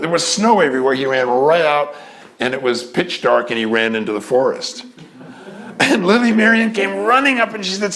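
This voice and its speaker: A man telling a theater anecdote in a lively way, acting out what people said and stalling with fillers as he hunts for names. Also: high voice. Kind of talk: anecdotal storytelling.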